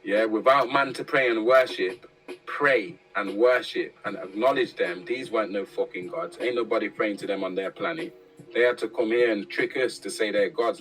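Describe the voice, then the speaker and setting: A man's voice: lowish voice, moderate pace, fairly bright tone, soft background music, poor audio. A man giving a casual, profane monologue full of street slang, tagging his points with "yeah?". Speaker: commentator.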